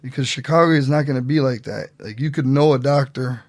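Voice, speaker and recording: A man telling stories as a podcast guest in a casual, animated way, acting out what other people said. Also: medium pitch, a little fast, no room sound. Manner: animated, acts out quotes in voices. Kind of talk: casual storytelling.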